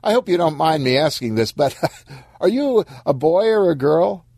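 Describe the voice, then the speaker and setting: A man's voice: a little high, animated, normal speed, darkish tone, no room sound, clean studio sound, pitched above the performer's own voice. A man voicing a meek male CEO who is flustered and hesitant, stammering as he talks. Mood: awkward.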